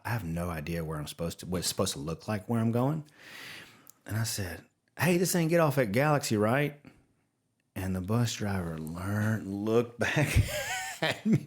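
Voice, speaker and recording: Louisiana-accented male podcast guest, low pitch, folksy storyteller. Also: slightly rough. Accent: Louisiana Southern. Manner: folksy, laughs often. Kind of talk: casual conversation.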